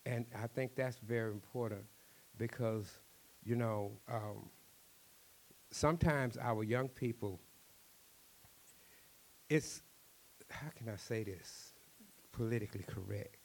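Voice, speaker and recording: His voice sits lowish, and his Cajun accent colors the stories he tells in this interview. He talks quickly and animatedly, repeating words often.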